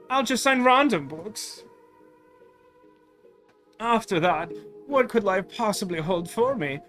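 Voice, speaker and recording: A man's voice: sits high, a bit bright. A man voicing a grandiose male German tourist with a put-on German accent. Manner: pompous daydreaming monologue.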